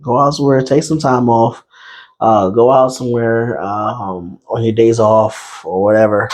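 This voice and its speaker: A young man hosting an unscripted podcast, talking in a laid-back, chatty way with lots of pauses and fillers. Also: medium pitch, darkish tone. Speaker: podcast host. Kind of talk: unscripted casual talk.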